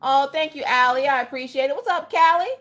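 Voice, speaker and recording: A woman's voice: high-pitched, fairly quick, a bit bright. A woman hosting a casual livestream chat. She greets viewers by name with playful exclamations and chatty, joking asides. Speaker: livestream host.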